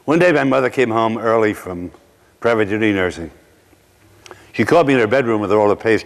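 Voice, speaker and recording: A middle-aged man from Brooklyn preaches through a personal story in a somewhat low voice. He slows for dramatic pauses and drops in wry asides. His words carry a long reverb from a large hall. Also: expressive, gravelly. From Brooklyn, New York. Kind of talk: sermon storytelling.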